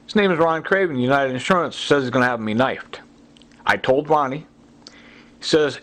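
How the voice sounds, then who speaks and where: A man's voice: medium pitch, moderate pace, fairly bright tone. A middle-aged man giving a rambling, agitated personal testimony, full of fillers and repeats. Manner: agitated, repetitive, many fillers. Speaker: self-recorded complainant.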